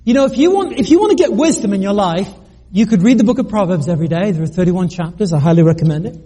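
Middle-aged male preacher, husky high voice, earnest storyteller with wry asides. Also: lively intonation, fast, mellow. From United Kingdom. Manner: earnest, self-deprecating, with joking asides and stammered restarts. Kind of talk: sermon with personal story.

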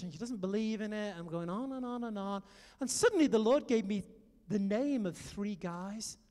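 A British man delivers an animated sermon, trading stories for direct appeals to his listeners. His voice sits high. The sound carries a long hall reverb. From Britain. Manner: animated storytelling, exhorting the audience. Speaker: preacher.

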